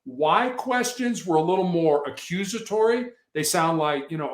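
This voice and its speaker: A man tells stories from his old work on a podcast, earnest and explanatory, often restarting his sentences. His voice sits fairly high. The room around him rings with a noticeable echo. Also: animated, normal speed, hardly any pauses. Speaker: podcast guest, former hostage negotiator. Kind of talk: casual interview storytelling. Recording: echoey room.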